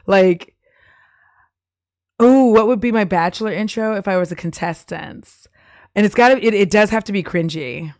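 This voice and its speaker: A woman's voice: medium pitch, big pitch swings, a little slow, long pauses, dry recording. Young woman, streamer, chatty, giggly, dry close mic. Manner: chatty, giggly, lots of fillers. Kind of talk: casual live-stream chat.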